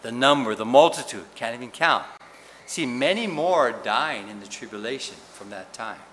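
A man preaching a sermon in an animated, questioning way, often checking in with "right?". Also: mid-range voice, normal speed. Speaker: pastor. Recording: reverberant hall with faint noise.

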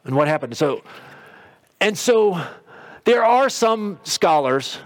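High-voiced man preaching a sermon. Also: big pitch swings, slow. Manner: conversational storytelling, acts out brief quotes. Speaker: pastor.

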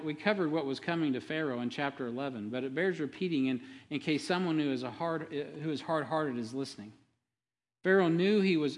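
A man in his fifties preaching a sermon as pastor, talking conversationally with rambling asides and frequent tag questions. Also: medium pitch. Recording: long hall reverb.

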